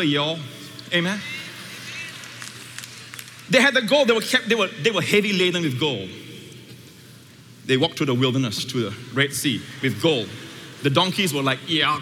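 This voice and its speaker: Emphatic preacher man in a big hall. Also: slight background noise. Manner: emphatic, with sweeping shifts between loud highs and quiet lows. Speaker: pastor. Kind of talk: sermon. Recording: reverberant hall with faint ambience.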